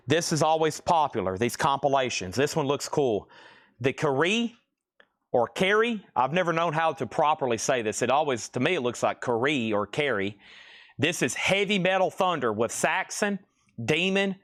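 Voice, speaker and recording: A man hosting a live-stream record auction, calling out items and prices briskly and often checking in with "okay?". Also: on the high side, fairly bright tone.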